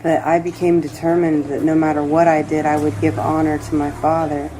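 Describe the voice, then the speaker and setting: A woman giving a personal tarot reading, reflective and emotional, rambling with pauses. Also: low voice, level tone, warm tone, a little hiss or hum, low-quality recording. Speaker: tarot reader.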